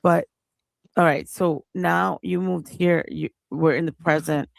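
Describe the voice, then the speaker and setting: A woman joining a casual chat with quick, profane interjections. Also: low voice, steady tone, vocal fry, no echo.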